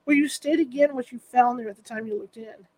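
A woman voicing a forceful male defense lawyer who barks questions at a witness, read from courtroom testimony. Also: on the high side, fairly quick, no room sound, close to an everyday voice. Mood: pressing. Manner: thundering, barking questions. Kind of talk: reading courtroom testimony aloud.

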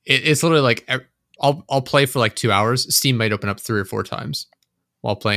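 A man on a casual podcast rants about everyday annoyances and swears freely. He acts out his own exasperated inner voice as he goes. His bright, forward voice sits dry and close on the mic. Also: mid-range voice, fairly quick, no echo. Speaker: podcast co-host. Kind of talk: casual chat.

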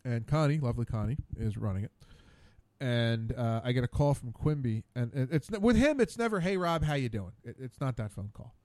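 A man's voice: medium pitch, animated, a little fast, dark tone, dry recording. Stammering, exasperated male radio host. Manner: stammering, repeating words, exasperated. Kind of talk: casual rambling monologue. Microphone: studio mic.

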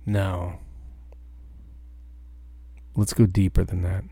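A truck driver giving a profane, ranting podcast monologue. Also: male voice, low-pitched, unhurried, creaky, warm tone, no echo.

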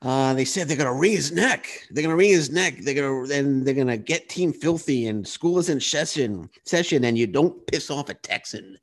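A man from Queens co-hosts a casual wrestling talk show. He rants in an animated way. He often restarts his sentences. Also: mid-range voice, normal speed, few pauses. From Queens, New York. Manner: animated, ranting, many restarts. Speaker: podcast co-host. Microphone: webcam.

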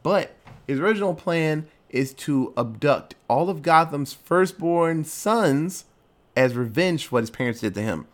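A man retelling a movie in loose, rambling casual chat. He swears freely and speaks at an ordinary middle pitch. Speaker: podcast co-host recapping a movie.

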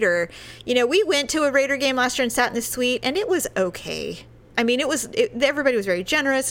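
A woman telling a story in casual chat, animated, with loud impressions of other people. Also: on the high side.

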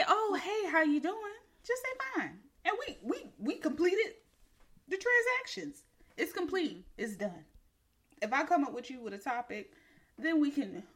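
A woman with a fairly high, bright voice rants comically, with emphasis and plenty of swearing. Her intonation is very lively, swinging up and down. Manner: laughing, emphatic, profane. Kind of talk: comedic rant.

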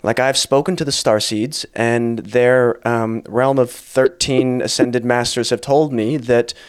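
A man's voice: medium pitch, steady tone, unhurried, smooth. A man hosting a podcast, chatting casually in an earnest, reflective and wry way about spirituality. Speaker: podcast host.

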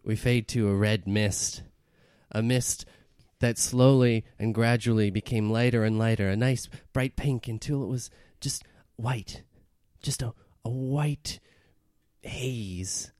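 A man's voice: on the low side, steady tone, slow pace, darkish tone, no echo, clean studio sound. A man narrating an improvised comedy scene on a podcast in a playful, building storytelling manner.

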